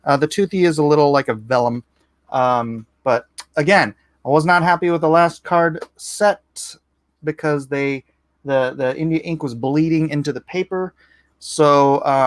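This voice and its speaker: An excitable man hosts his own livestream, talking fast and enthusiastically as he pitches to viewers. His voice sits a little higher than usual and sounds dry and close. He rambles and keeps correcting himself as he goes. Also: dry recording. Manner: excitable, rapid-fire, enthusiastic; rambling with frequent self-corrections. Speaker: comic artist hosting his own livestream. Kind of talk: casual livestream sales pitch.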